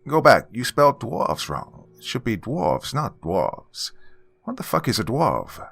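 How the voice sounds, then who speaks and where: A narrator putting on a laid-back young stoner buddy, pitched well above his usual deep voice and swinging freely up and down. He talks in a casual, slangy drawl inside a spoken horror story. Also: huge pitch swings, a little slow, vocal fry, a bit bright, exaggerated voice.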